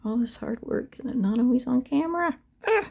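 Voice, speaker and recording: A woman's voice: high voice, lively intonation, a little fast, gravelly, husky, muffled recording. A middle-aged woman in a casual crafting vlog, talking to viewers as she paints a doll and often dropping to a half-whisper. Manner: chatty, often drops to a half-whisper while working. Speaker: reborn doll artist.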